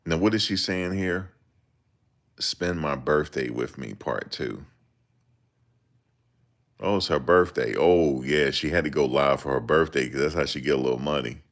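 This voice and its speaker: A man with a very deep voice, giving casual, joking reaction commentary on a livestream. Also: fairly quick, few pauses. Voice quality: very deep voice that people ask him to repeat. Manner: joking, laid-back, slips into mocking voices.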